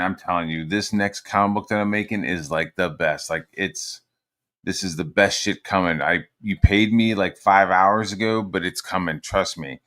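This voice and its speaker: A man's voice: low-pitched, fairly bright tone. A man hosting a livestream, ranting in a casual, meandering and profane way, full of sarcasm. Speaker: livestream host.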